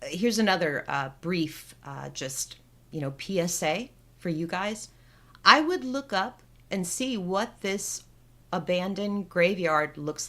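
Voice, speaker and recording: Woman podcast host with a deep voice, telling the movie story, chatty. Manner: animated storyteller, laughs often. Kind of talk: casual chat, retelling a film plot.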